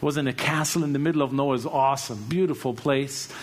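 A man from Germany with a German accent, giving an earnest testimony that swings from hushed lines to loud bursts. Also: mid-range voice, fairly even intonation, fast. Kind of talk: testimony sermon.

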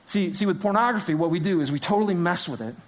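A man preaching a sermon to a church congregation, talking casually and directly to the crowd, dropping to hushed whispers and rising to loud urgent emphasis. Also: high-pitched, fast talker. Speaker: pastor.

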